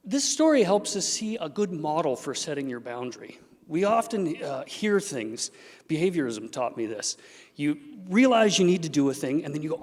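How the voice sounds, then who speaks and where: A man giving a symposium talk as a therapist, animated and acting out the voices he quotes. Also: fairly high pitch, moderate pace, husky. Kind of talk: symposium presentation. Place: event hall. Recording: long reverb of a large hall.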